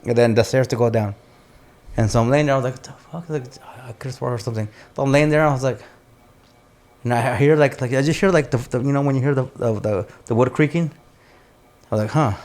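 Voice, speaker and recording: A male podcast host speaks quickly at a medium pitch while animatedly recounting a story. The chat is casual, and he swears often, mixes in Spanish words, and leans on "dude" and "bro."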